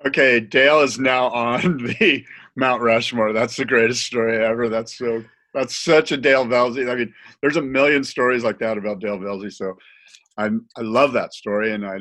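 A man chatting on a podcast, telling an animated story. He laughs often and jumps into other people's voices. His voice sits at an ordinary middle pitch. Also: moderate pace. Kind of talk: casual storytelling chat.

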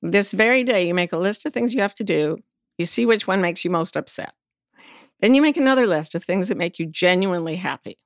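A woman's voice: on the low side, lively intonation, brisk, no room sound, clean studio sound. A middle-aged woman, a podcast guest, telling vivid personal stories in a frank, blunt way. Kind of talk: storytelling in casual conversation.

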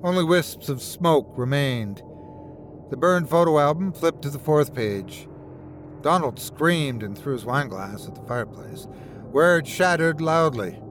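A man's voice: a little high, lively intonation, measured pace, a bit bright, soft background music. Man narrating a horror story.

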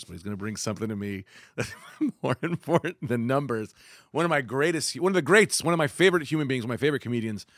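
A man's voice: lowish voice, a bit bright, no room sound, studio quality. A man in his thirties hosting a casual comedy podcast, joking, swearing freely and slipping into funny voices.

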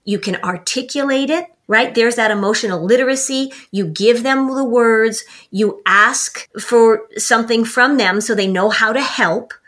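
A woman's voice: a little high, a bit bright. A woman co-hosting a parenting podcast, explaining at length and acting out what a parent and child might say. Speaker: parenting expert co-host. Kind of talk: casual podcast chat.

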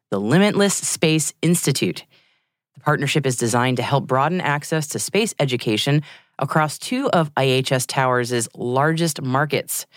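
Lively woman reading space news. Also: low-pitched, no room sound, studio quality. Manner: lively, articulate newsreader delivery. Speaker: news podcast host. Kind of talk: scripted news reading with banter.

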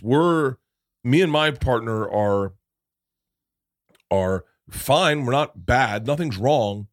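A middle-aged man telling stories in a casual podcast chat, profane and animated, with many asides. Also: medium pitch, no echo, studio quality. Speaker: podcast guest.

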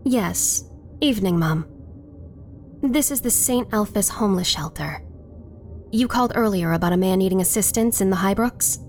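A woman's voice: mid-range voice, normal speed, pauses often, a little mellow, soft background music, lightly acted. A woman voicing a polite, apologetic shelter employee answering a phone call.

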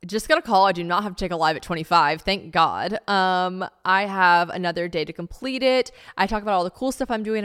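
A woman's voice: mid-range voice, a bit bright, clear, resonant tone. A young woman hosting a casual solo podcast, reading her old diary aloud with chatty, rambling, self-mocking asides. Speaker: podcast host.

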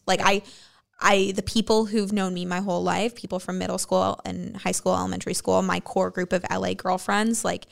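A woman co-hosting a chatty podcast, with a gravelly, creaky edge to her voice. She talks candidly and gets emotional, dropping swear words as she goes. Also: medium pitch, level tone, moderate pace. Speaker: podcast co-host. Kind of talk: casual podcast chat.

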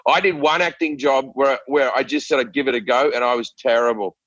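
A man's voice: mid-range voice, fairly quick, fairly bright tone, breathy edge, no echo, lo-fi sound. A middle-aged Australian man on a podcast, ranting and swearing with lots of stammered restarts. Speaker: guest comedian. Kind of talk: casual podcast chat.

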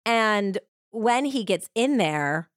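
A woman's voice: mid-range voice, animated, takes it slowly, dry recording, studio quality. A woman hosting a podcast, telling a true-crime story in a casual, chatty way with many "like" fillers. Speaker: podcast host.

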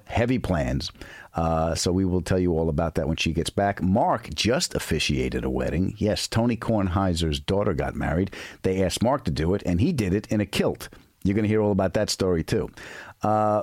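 A man's voice: low-pitched, no room sound, studio quality. A middle-aged man hosting a podcast alone, chatting casually and telling a funny story. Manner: chatty, storytelling, laughs often. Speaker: podcast host. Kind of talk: casual solo podcast intro.

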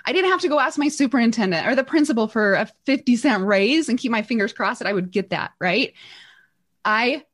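A middle-aged woman, a podcast guest and entrepreneur, telling a personal story in an animated, earnest way. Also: on the high side, brisk. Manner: animated, earnest, acts out quotes.

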